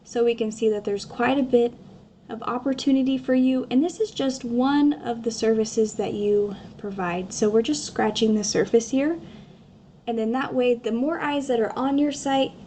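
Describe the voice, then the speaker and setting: A woman's voice: a little high, warm tone, a little hiss or hum. A woman marketing consultant walking a client through a screen-shared website review, explaining steadily and speaking to them directly. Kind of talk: screen-share sales walkthrough.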